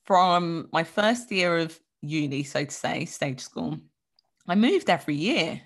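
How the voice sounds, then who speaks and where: A woman's voice: low-pitched, expressive, unhurried. A young woman co-hosting a podcast, chatting in a bubbly way with lots of exclamations. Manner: bubbly, exclamatory, laughs easily. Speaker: podcast co-host. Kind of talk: casual chat.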